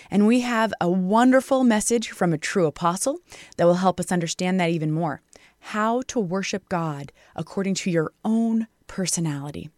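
A middle-aged woman delivers a radio sermon from a studio microphone in a fervent, earnest voice. She slows down and sinks to a hush when she reads scripture aloud. The recording is dry and close, with her pitch sitting in a middle range. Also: dry recording. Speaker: radio show host and Bible teacher.

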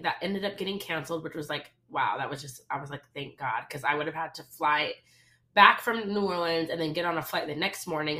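A young woman co-hosting a podcast, telling a personal story in casual, animated chat. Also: low voice. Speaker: podcast co-host.

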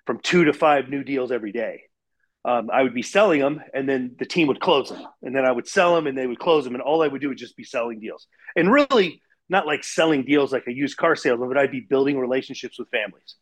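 A man in his forties telling a personal story in casual interview talk, animated and full of fillers, acting out the voices of others. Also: medium pitch. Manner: animated, acts out quoted voices, many fillers. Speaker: guest.

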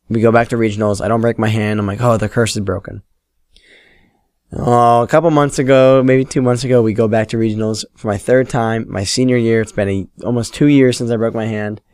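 Low-voiced teenage guy rambling on his podcast. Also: a little mellow, no echo, clean studio sound. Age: late teens. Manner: rambling, self-deprecating, swears freely. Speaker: podcast host. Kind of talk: casual solo podcast storytelling.

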